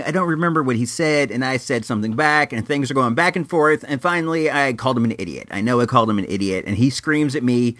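Animated man telling a story, dry sound. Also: a little high, no room sound. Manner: animated, acts out both sides of the argument. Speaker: podcast host. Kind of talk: casual storytelling.

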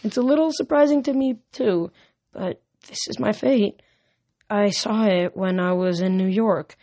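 A woman reading a storybook aloud, voicing a teenage girl oracle in a soft, earnest, slightly shaken way. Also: mid-range voice, unhurried. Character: teenage girl oracle, dazed but determined.

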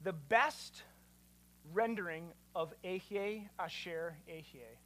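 Man, pastor, teaching sermon, bright tone, animated, quizzes the crowd. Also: sits high, takes it slowly, slight background noise.

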